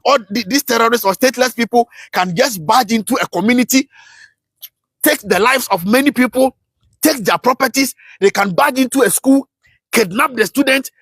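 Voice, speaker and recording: Hosting a live political commentary stream, a husky-voiced man rants with passion, firing off rhetorical questions and lurching from shouts to low mutters. There's no room sound at all.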